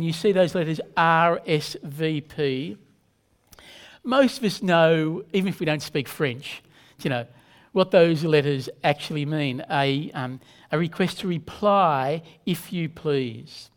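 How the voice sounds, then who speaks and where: A man, a pastor, preaching a sermon in an earnest, measured way, leaning on emphatic repetition. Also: fairly high pitch, animated.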